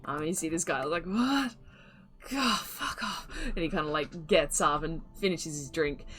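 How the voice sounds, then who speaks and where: Low-voiced woman running a tabletop game. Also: fairly even intonation, fairly quick, fairly bright tone, soft background music. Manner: loose, rambling description with many fillers. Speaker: game master.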